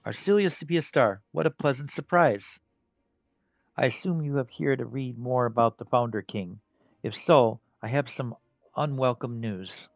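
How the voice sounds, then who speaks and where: A man putting on a raised, louder voice for a formal, courteous librarian figure. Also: medium pitch, normal speed, creaky, no room sound, pitched above the performer's own voice, lightly acted. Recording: dull lo-fi audio, faint game music.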